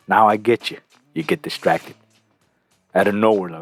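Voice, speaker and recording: Brief: man, deep-ish voice, loose profane commentary, quiet music underneath. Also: lively intonation, a little slow, vocal fry, long pauses. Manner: rambling, profane, chuckling often. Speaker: host reacting to a clip. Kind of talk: casual commentary.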